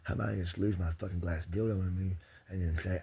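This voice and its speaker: A man's voice: sits low, steady tone, fast, creaky, dark tone, breathy edge. A man ranting in an agitated, profane and rambling way, speaking straight to the camera as a vlogger. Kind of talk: angry personal rant.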